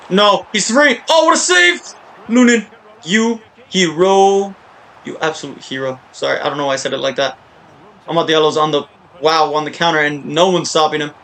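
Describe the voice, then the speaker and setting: A man giving casual, rambling live commentary while playing a soccer video game, often breaking into excited shouts and cheers. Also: on the high side. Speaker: gaming YouTuber.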